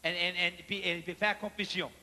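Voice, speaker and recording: A man's voice: high-pitched, steady tone, quick pace, pushed and bright. A man with a Cajun accent doing live stand-up storytelling, folksy and chatty, teasing the audience from a theater stage. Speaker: stand-up comedian. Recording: live theater recording with long hall reverb and faint noise. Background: audience laughter.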